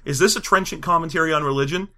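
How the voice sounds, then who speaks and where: A man's voice: on the high side, rapid-fire, pushed and bright. A man co-hosting a casual film review chat, sarcastic and mocking, acting out scenes in silly voices. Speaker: podcast co-host reviewing a film.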